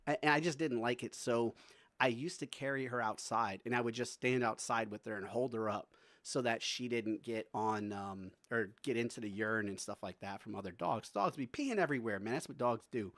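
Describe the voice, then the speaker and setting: A man chats easily on a live stream, his voice sitting at an ordinary middle pitch and sounding close and dry with no room around it. He laughs often and drifts between talking to his viewers and coaxing his dog. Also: normal speed, a bit bright, no echo. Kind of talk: casual live-stream chat.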